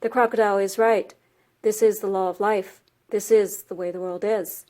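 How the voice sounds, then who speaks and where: A woman's voice: medium pitch, fairly even intonation, normal speed, warm tone, close to an everyday voice. Woman reading as an old worn-out donkey, weary, bitter, storybook.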